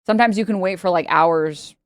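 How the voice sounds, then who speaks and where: A woman's voice: on the low side, fairly quick, no echo, clean studio sound. A woman streamer telling a rambling story in casual chat, laughing often and mimicking the people in it. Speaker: livestreamer. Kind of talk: casual storytelling to a live audience.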